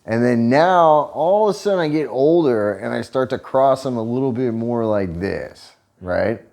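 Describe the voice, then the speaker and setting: A man's voice: medium pitch, animated, normal speed, gravelly, darkish tone. A man chatting casually on a couple's vlog, joking and sarcastic, swearing freely. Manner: joking, profane, sarcastic asides. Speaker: vlog co-host.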